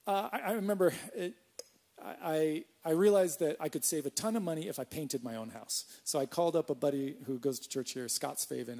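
High-voiced male pastor, animated. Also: gravelly. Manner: animated storytelling, acts out his own panic in a high voice. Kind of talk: sermon with personal stories. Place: church.

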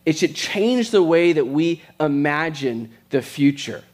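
Pastor, male, slightly higher voice, chatty storytelling sermon delivery. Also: expressive, darkish tone. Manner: conversational, storytelling with quick asides.

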